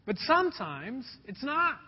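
High-voiced preacher in an echoing hall. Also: male voice, big pitch swings, measured pace, slightly rough. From Indiana, USA. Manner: earnest storytelling, addresses the congregation as folks. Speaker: pastor. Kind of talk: sermon. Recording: dull sound with long hall reverb.

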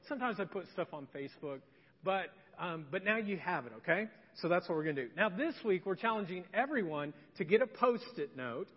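A man, a pastor, giving a chatty, joking sermon in a church. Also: high voice. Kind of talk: conversational sermon. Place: church sanctuary. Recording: lo-fi with long hall reverb.

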